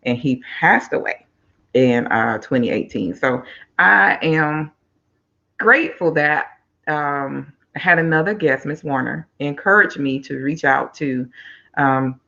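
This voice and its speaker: A woman's voice: a bass voice, fairly bright tone, highs cut off. A woman hosting a live-stream talk show, chatty and upbeat, speaking straight to her viewers.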